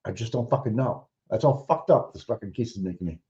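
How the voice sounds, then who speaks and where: This livestream host has a low, dark voice and talks fast and animatedly. He rambles bluntly and swears a lot in casual commentary, recorded in dull lo-fi quality.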